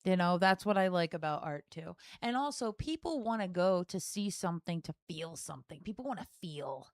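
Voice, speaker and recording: A woman co-hosts a casual podcast, frank and earnest, with fillers in her talk. Her voice is smooth and clear. The sound is dry and close. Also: lowish voice, lively intonation, moderate pace, no echo. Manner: frank and earnest, frequent "like" and "you know". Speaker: podcast co-host.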